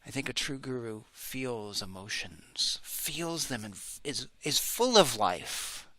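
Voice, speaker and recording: Middle-aged male host, bright and forward, rambling candid commentary, dry close mic. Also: mid-range voice, big pitch swings, slow, no room sound. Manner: candid, rambling, with frequent restarts and fillers. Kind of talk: casual reaction commentary.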